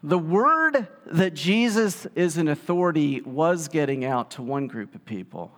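A man preaching a sermon, telling the story in a lively way and acting out the quotes. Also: fairly high pitch, a little slow. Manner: animated storytelling, acts out quotes. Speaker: pastor. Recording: long hall reverb.

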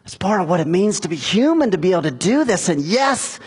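A middle-aged man preaching a sermon, retelling a scripture story and giving the characters' lines in a raised, animated voice. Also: sits high, fairly quick, husky. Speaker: pastor.

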